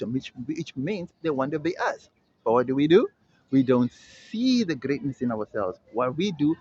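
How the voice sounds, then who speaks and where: A man from South Africa giving an emphatic opinion monologue as a vlogger, insistent and repeating his points with slangy asides. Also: on the high side. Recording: slightly dull audio with faint ambient hiss.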